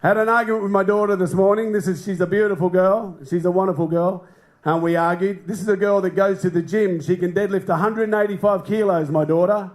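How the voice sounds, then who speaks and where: A man's voice: high voice, fairly even intonation, brisk. A middle-aged Australian man doing stand-up in a comedy club, with a brash, sweary, ranting delivery. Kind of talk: stand-up set. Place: comedy club stage with a live audience.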